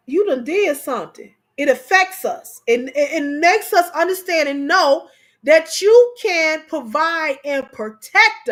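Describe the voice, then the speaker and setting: A woman co-hosting a casual chat, telling stories animatedly, repeating phrases for emphasis and talking straight to her audience. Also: high voice. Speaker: co-host.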